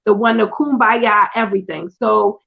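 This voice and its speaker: A woman guest in a casual chat, playful and expressive. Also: mid-range voice, moderate pace, creaky, phone-quality sound.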